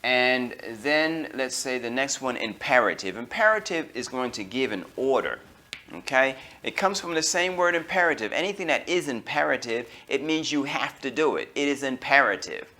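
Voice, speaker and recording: An American man teaching an English grammar lesson, slowing down on key terms and filling pauses with okay and all right. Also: medium pitch, animated, sharp tone. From United States. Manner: slows down to stress key terms.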